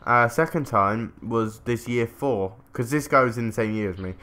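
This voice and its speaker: A man's voice: mid-range voice, normal speed, sharp tone. A man, telling a rambling story during casual gameplay commentary, swearing casually. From England. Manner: rambling, chatty, self-interrupting, swears casually. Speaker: gaming commentator.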